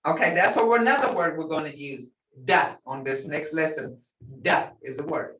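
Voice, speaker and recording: A woman teaching a language class, animated, acting out reactions and laughing often. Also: low voice, normal speed. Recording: roomy classroom sound from far off.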